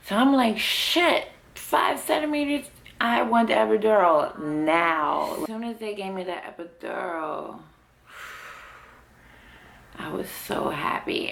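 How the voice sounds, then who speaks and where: Chatty low-voiced woman, gravelly edge. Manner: chatty, says "like" constantly, laughs often. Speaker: vlogger. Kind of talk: casual storytelling to camera. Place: at home with her baby.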